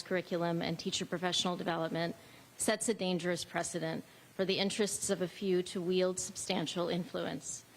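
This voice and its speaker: A woman parent reading a formal, measured statement at a public hearing. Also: fairly low pitch, a little hiss or hum, rough recording. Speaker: parent speaker. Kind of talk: read public comment. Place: high school meeting hall.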